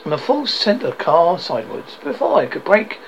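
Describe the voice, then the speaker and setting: A man's voice: fairly high pitch, huge pitch swings, normal speed, vocal fry, slight background noise, heavily acted, low-quality recording. A man reading the lines of a worried young man who plays his troubles down, in a storybook reading. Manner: plays things down.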